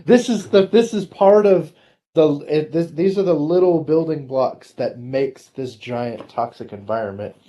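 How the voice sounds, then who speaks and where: A man's voice: fairly high pitch, unhurried. Blunt, profane male podcast host. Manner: blunt, profane, animated storytelling. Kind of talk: casual chat.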